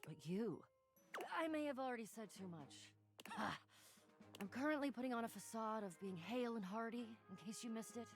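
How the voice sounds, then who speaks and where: A woman's voice: fairly high pitch, expressive, fairly quick, close to an everyday voice. A woman voicing an earnest female adventurer in a studio game who speaks grandly and formally, stumbling over her words. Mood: shaky. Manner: grandly formal, flustered and stammering. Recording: game audio with music behind.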